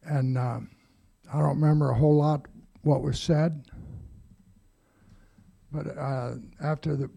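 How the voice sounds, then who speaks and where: A man's voice: fairly high pitch, steady tone, unhurried, gravelly, long pauses, warm tone, slightly rough. An older man telling his own recovery story to a group in a plain-spoken, wry and blunt way, with some swearing.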